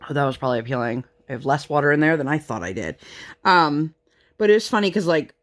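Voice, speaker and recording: Woman, thirties, low-pitched, chatty crafting-vlog storyteller. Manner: chatty storytelling with fillers and laughs. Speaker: crafting vlogger. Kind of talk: casual chat while crafting.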